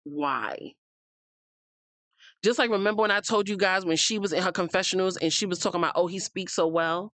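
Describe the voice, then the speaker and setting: A heated American woman recapping reality TV, blunt and unfiltered, swearing as she talks straight at the people on screen. Her voice sits at a middle pitch and sounds close and dry, with no room around it. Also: brisk, long pauses, fairly bright tone, no echo. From United States. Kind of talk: opinionated casual recap.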